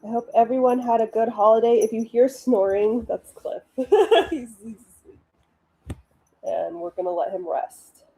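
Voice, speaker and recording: Brief woman livestream host, casual upbeat chat, mellow tone, lots of fillers. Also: fairly high pitch, steady tone, moderate pace, hardly any pauses, a little hiss or hum, low-quality recording. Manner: chatty, upbeat, many ums and asides.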